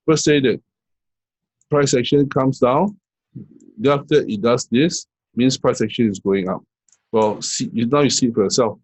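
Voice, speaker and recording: In a screen-share trading lesson, a middle-aged man coaching forex goes over charts at a moderate pace with long pauses. His medium-pitched voice has a breathy edge, and he talks casually with many fillers and frequent "right?" checks. Audio quality is poor.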